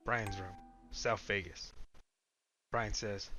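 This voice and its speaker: A man narrating an audiobook in a steady, low-key way. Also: moderate pace, husky, dull audio.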